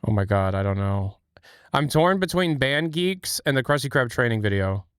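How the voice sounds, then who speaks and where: A man's voice: mid-range voice, expressive, moderate pace, fairly bright tone, clear, resonant tone, no room sound, studio quality. A man hosting a casual live stream, rambling and chatting with lots of fillers. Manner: rambling, laughing, filler-heavy. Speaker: streamer host.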